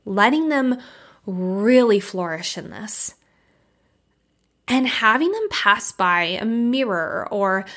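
A woman's voice: mid-range voice, animated, slow, a bit bright. A young adult woman life coach hosting a podcast, talking candidly and emphatically in a casual monologue, with the odd curse word.

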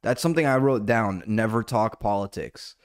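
A man hosting a solo comedy podcast in a rambling, profane monologue, now and then jumping into loud, high-pitched bits. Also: normal speed, clean tone.

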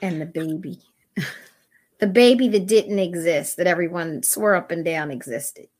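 Woman co-host, lowish voice, wry and joking, casual. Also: measured pace. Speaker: podcast co-host. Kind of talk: casual chat about a documentary.

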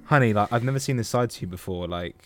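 An improv actor playing a flustered young husband applying for a mortgage, stammering and placating. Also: male voice, on the low side, fast, lightly acted. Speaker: improv performer. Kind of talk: improv comedy scene.

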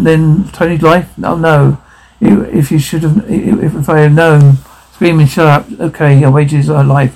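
Husky man reading captions in a dark voice. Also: a little high, rough recording. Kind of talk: reading out film dialogue and sound captions.

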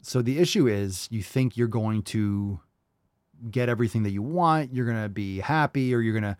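A man's voice: lowish voice, normal speed, no echo, studio quality. A man hosting a podcast who answers a caller's question in blunt, rambling, direct coaching talk. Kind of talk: casual advice talk.

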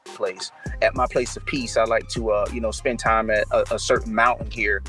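A man's voice: on the low side, fairly even intonation, moderate pace, a bit bright, faint music behind. Man from Georgia hosting a faith podcast. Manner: preachy, affirming. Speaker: podcast host. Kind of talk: casual faith conversation.

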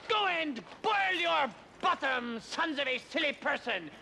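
An actor playing a rude French castle guard who hurls mocking insults in an exaggerated French accent. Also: male voice, very high-pitched, expressive, measured pace, gravelly, bright, forceful tone, heavily acted. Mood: taunting. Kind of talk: film comedy acting. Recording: noisy film clip.

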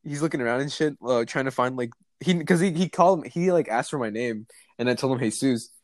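A laid-back young man swaps work stories in relaxed, casual chat, cursing freely and acting out voices along the way. The sound is close and dry, with no room echo. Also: medium pitch, fast talker. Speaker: co-host telling work stories.

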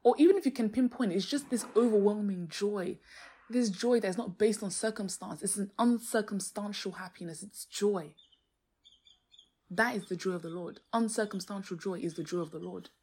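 Street sounds leak into this young woman's home podcast, where she talks about faith and explains Bible verses. Her mid-range voice is dark and slightly rough at a normal speed, and she speaks with earnest energy, breaking into exclamations and laughter now and then.

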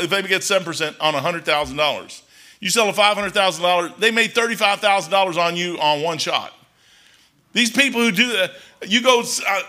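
A man's voice: high voice, sharp tone. A middle-aged man with a folksy, blunt manner gives a casual, rambling talk with a preaching edge, full of restarts and asides. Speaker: Christian speaker.

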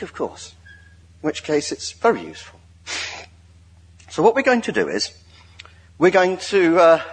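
A man giving a sermon in a joking, lively way, drawing the congregation into an exercise. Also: mid-range voice, breathy edge. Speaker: lay preacher. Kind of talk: sermon with audience participation.

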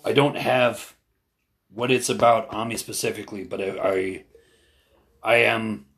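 A man with a low, gravelly voice talks through a casual podcast conversation. He is earnest and hesitant, full of fillers and restarts. When he retells what other people said, he pushes his voice up higher and gets animated. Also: measured pace. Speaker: podcast co-host.

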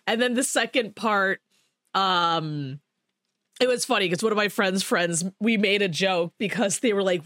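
A woman's voice: mid-range voice, unhurried, dry recording. Chatty woman podcast host, dry sound. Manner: rambling, animated storytelling with swearing and laughs. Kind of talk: casual chat.

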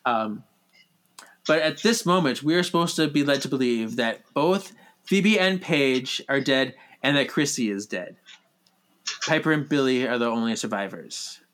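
A man chatting casually about a TV episode, animated and gushing, breaking into dramatic quoted outbursts. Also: medium pitch, moderate pace. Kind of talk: casual chat recapping a TV episode.

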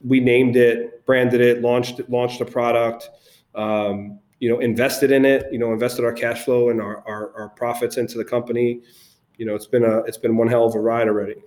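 A man, founder of an agency, telling animated stories as a guest in a casual interview, with frequent restarts. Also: medium pitch, normal speed.

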